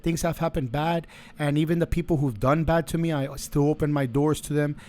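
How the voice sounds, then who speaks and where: A man's voice: on the high side, steady tone, brisk, a little mellow. A man hosting a podcast, giving an earnest, faith-based motivational monologue and repeating phrases as he builds each point. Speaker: podcast host.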